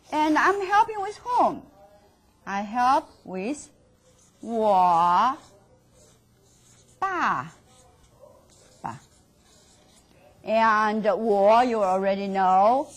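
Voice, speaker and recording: Slow, lively Mandarin-accented woman teaching. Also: a little high. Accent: Mandarin Chinese. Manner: slow, drawn-out model words for repetition; encouraging, rephrases herself mid-sentence. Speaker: Chinese language teacher. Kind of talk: classroom language lesson.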